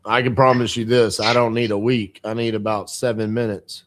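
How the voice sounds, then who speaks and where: A man's voice: lowish voice, little pitch movement, moderate pace, a little hiss or hum. A man calling a home seller on the phone, asking short, direct questions and making confident promises. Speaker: real estate investor calling a seller. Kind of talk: sales phone call. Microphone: phone call.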